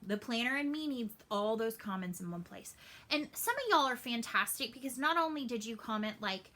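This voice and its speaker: A woman, chatting casually in a cross-stitch vlog update and telling stories with lively asides. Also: a little high, brisk. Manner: animated storytelling, acts out family voices.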